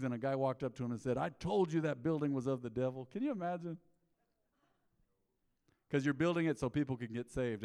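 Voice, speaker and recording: A man's voice: medium pitch, darkish tone. A middle-aged man preaching a sermon, telling folksy stories and peppering his talk with "man". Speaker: pastor. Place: church sanctuary. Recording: long reverb of a church hall.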